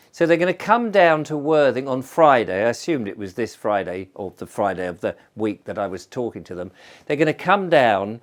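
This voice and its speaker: A man's voice: mid-range voice, sing-song, a little fast. A middle-aged man spins a tale in an easygoing, rambling voice. He often restarts his sentences as he goes, like someone chatting across a table. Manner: conversational, rambling, frequent restarts. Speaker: storyteller host. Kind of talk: chatty spoken storytelling.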